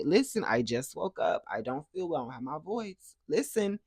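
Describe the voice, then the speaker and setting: A young man tells a personal storytime for his vlog. He is lively and jumps into playful voices for the people in his story. He is recorded close to the mic in a dry room with no echo. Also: on the high side, moderate pace, hardly any pauses, husky. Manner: animated, acts out other people's dialogue in playful voices. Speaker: vlogger.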